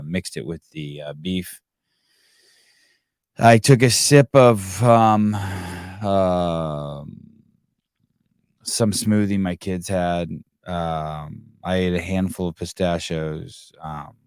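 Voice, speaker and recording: This is a middle-aged man doing a casual monologue on his live podcast, wandering from topic to topic and swearing liberally when annoyed. His voice sits low with a somewhat dark tone, captured in a dry, studio-quality recording.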